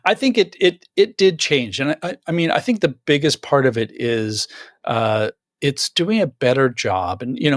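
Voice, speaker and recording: A man's voice: mid-range voice, a bit bright, no echo. Chatty man, dry close sound. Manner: chatty, many fillers and restarts. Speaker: author and guest. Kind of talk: casual tech conversation.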